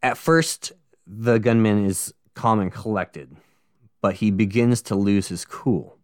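A man with a low, smooth and resonant voice, recorded close and dry, hosts a casual true-crime podcast. He walks through the case in a relaxed way and throws in jokey, sweary asides. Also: slow pace, dry recording. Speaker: podcast co-host.

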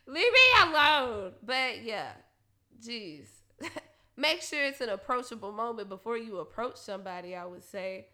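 A woman talking straight to her listeners in a blunt, profane casual monologue, laughing often and getting loud and animated when she rants. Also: mid-range voice, a little slow. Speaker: solo talker giving advice.

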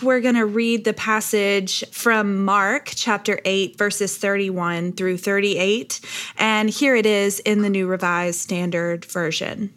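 A woman's voice: medium pitch, fairly bright tone. A woman in her thirties, a pastor who hosts a podcast, chatting casually and laughing often with playful asides. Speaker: podcast host.

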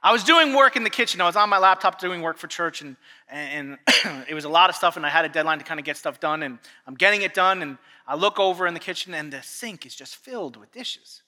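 Animated, bright-voiced pastor in an echoing hall. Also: male voice, a little high, fast talker. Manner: animated storytelling, acting out family dialogue. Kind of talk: sermon. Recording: long echo of a large hall.

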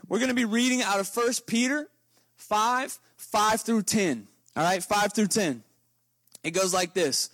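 A man preaching a lively, conversational sermon to his congregation, openly excited and talking casually between scripture readings. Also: sits high, unhurried, dry recording. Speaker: pastor.

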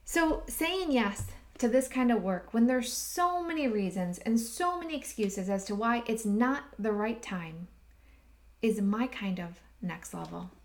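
A woman hosting a podcast, telling a personal story in a slow, heartfelt way that sometimes drops to a near whisper. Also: on the high side, lively intonation. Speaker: podcast host and retreat leader.

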